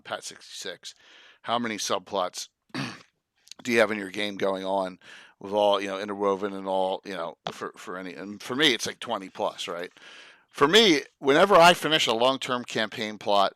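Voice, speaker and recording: A man's voice: on the low side, normal speed, sharp tone, clean tone, no room sound. A man hosting a casual chat, emphatic as he relays viewer questions and talks about his long campaigns.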